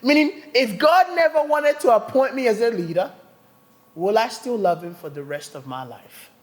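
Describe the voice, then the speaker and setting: This pastor's voice is extremely high-pitched, delivered at a moderate pace in a large church hall. His sermon is an animated, humorous personal story in which he mimics other people's voices and frequently laughs.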